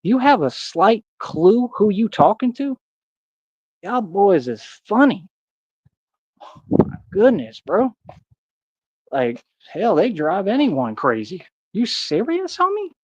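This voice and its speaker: A streamer delivers a defiant, boastful rant, packed with street slang and taunts aimed at his critics. His voice sits high with a darkish tone, moving slowly in a sing-song way with frequent pauses. The recording sounds dull and dry, with no room sound.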